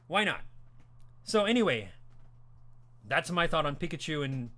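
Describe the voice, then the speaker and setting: Chatty animated man hosting an anime stream. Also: on the high side, a little slow. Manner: animated, chatty, rambling with frequent restarts; laughs while talking, reads chat aloud. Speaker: podcast host. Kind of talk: casual livestream chat.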